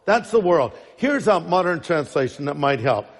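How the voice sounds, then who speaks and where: High-voiced preacher in an echoing hall. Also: male voice, big pitch swings, normal speed. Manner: emphatic, rhetorical questions. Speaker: pastor. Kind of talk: sermon. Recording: long reverb in large hall.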